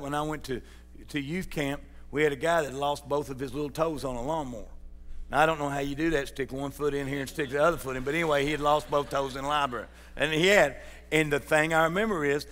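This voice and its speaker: A man's voice: on the high side, fairly bright tone, in a large hall. A man preaching a sermon as pastor, folksy and joking, putting questions to his congregation. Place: church sanctuary.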